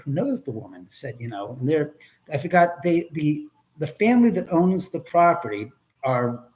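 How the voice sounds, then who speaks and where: A man hosting a live stream, chatting in a rambling, profane way and answering viewer comments as he goes. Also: on the high side. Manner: animated, profane, reads viewer comments aloud.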